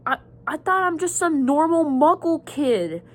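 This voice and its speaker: A woman voicing a surprised young boy wizard in a retold story, jumping high in pitch. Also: sing-song, measured pace. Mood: startled.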